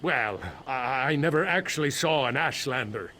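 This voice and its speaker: A man's voice: medium pitch, expressive, normal speed, sharp tone, slight background noise. An actor playing an anxious male mine foreman in a video game, rambling nervously with dry humor about his trapped crew.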